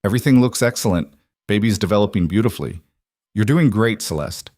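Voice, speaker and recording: A gentle, reassuring woman doctor, as a low-voiced man reads her part. She talks in a kind, steady way, and the recording is close and dry with no room sound. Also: fairly quick, no room sound, natural voice. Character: calm, warm female doctor.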